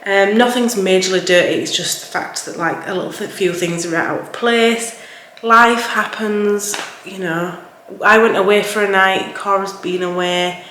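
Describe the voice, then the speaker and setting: A woman's voice: mid-range voice, measured pace, a bit bright. A young woman with a Yorkshire accent chatting casually and rambling a bit as she tours her house, talking from her kitchen. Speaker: cleaning vlogger. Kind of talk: casual vlog chat. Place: home kitchen. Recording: echoey room with faint background noise.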